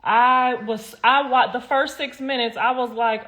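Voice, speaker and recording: A woman ranting on a casual livestream, blunt and heated, swearing freely and swinging between loud outbursts and low mutters. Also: moderate pace, hardly any pauses.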